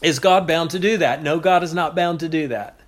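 A man preaching an expository sermon, teaching in a measured way with pauses and repeated phrases. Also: fairly high pitch.

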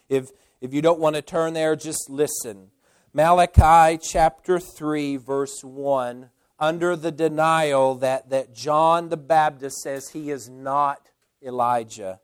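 A man's voice: fairly high pitch, steady tone, takes it slowly, clean tone. A man preaching a sermon in an earnest way, often repeating words as he restarts. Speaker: pastor.

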